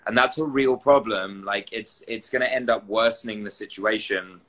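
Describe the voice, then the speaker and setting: A man's voice: fairly low pitch, normal speed, a bit bright. A man hosting a casual livestream chat from home, chatty and earnest, teasing his friend.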